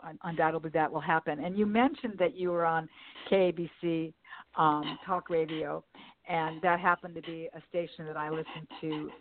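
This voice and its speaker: A woman's voice: low voice, fairly even intonation, moderate pace. Upbeat woman hosting a podcast. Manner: upbeat and welcoming, with some self-interrupting restarts. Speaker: podcast host. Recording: dry, phone-like line.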